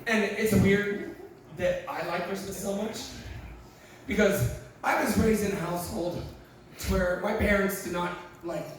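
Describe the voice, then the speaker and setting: A man's voice: sits high, unhurried. A man performing a stand-up comedy set, telling profane stories and acting out the quotes with lots of energy. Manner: profane, animated storytelling with acted-out quotes. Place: live comedy venue. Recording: very echoey, distant, noisy live room.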